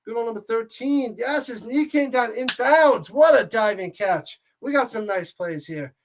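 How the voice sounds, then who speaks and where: An excitable man calls a football game play by play for a watch-party stream. He is loose and joking, drifting into asides between snaps and shouting when a big play lands. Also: very high-pitched, normal speed. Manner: jokey and excitable, rambles between plays. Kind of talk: casual play-by-play commentary.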